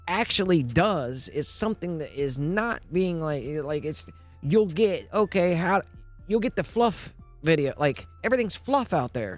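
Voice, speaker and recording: Man streamer, rambling, thinking out loud, slightly high voice, casual, faint music behind. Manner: rambling, thinking aloud, repeats "you know what I mean". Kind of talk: casual live-stream talk.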